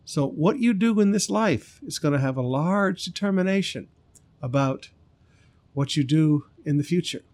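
Brief: male preacher, slightly high voice, punches and stretches key words. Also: expressive, moderate pace, darkish tone. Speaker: pastor. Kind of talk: sermon.

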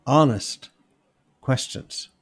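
A man preaching a sermon, reading scripture aloud and commenting on it in an animated, wry way. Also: very slow. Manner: animated, wry, reads passages with emphatic quoted voices. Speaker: pastor.

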